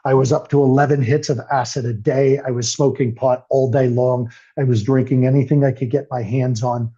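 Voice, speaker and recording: A man's voice: medium pitch, little pitch movement, a little fast, warm tone, breathy edge. An older man telling his recovery story as an interview guest, earnest and emotional. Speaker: podcast guest. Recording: muffled lo-fi audio.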